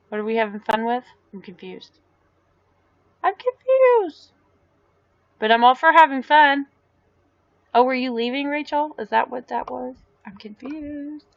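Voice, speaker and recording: A woman's voice: on the high side, vocal fry, no echo, lo-fi sound. Woman chatting live with viewers. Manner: rambling, answering viewer comments aloud. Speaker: live-stream host. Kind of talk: casual live-stream chat.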